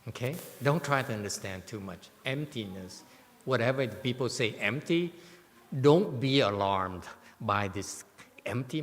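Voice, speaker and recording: Male Buddhist teacher, slow unhurried lecture, constant "okay?" check-ins, playful asides, long reverb of a temple hall. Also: mid-range voice, lively intonation, a bit bright. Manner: keeps checking in with "okay?" and "yes?"; playful, teasing asides to listeners. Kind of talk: sutra commentary lecture.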